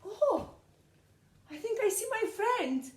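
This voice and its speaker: A woman's voice: very high voice, sing-song, slow, a little mellow, full character voice. A woman playing a chirpy bouncing kangaroo. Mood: cheerful. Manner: chirpy, chanting bounce words. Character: cheerful bouncy female kangaroo. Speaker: children's centre worker. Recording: roomy echo.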